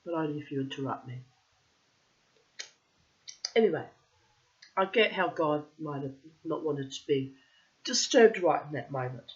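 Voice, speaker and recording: A woman's voice: low-pitched, lively intonation, measured pace, pauses often. A woman telling a story aloud, with chatty, self-mocking personal asides. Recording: dull lo-fi recording.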